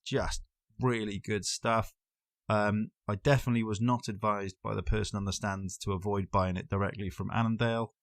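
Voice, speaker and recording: A man's voice: lowish voice, steady tone, moderate pace, no room sound, studio quality. A man co-hosting a podcast, chatting casually and easily amused. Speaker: podcast co-host. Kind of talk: casual chat.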